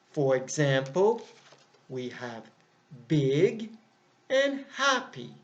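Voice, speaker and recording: A man teaching an English grammar lesson, speaking deliberately and repeating each example. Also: on the high side. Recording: dull lo-fi sound.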